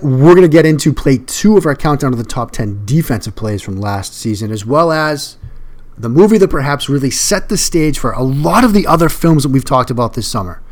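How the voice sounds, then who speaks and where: A man hosting a solo sports podcast, talking in a conversational, emphatic way and repeating words when he stresses a point. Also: medium pitch. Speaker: podcast host.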